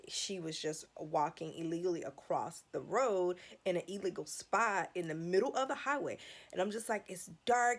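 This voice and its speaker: Woman vlogger, low voice with heavy fry, emotional rambling storyteller. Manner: emotional, rambling retelling with restarts. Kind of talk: casual story time.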